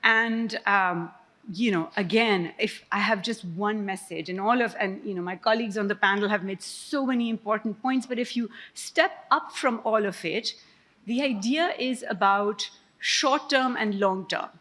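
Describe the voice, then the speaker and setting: A woman's voice: medium pitch, normal speed, a bit bright. A woman, an economist speaking on a conference panel in a conversational storytelling manner. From Pakistan. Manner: conversational, self-deprecating storyteller. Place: conference stage before an audience.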